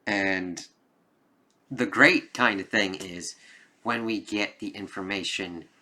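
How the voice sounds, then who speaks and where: A man's voice: lowish voice, takes it slowly, bright, forceful tone. A man giving a casual spoken film review, rambling with lots of "like"s and frequent swearing.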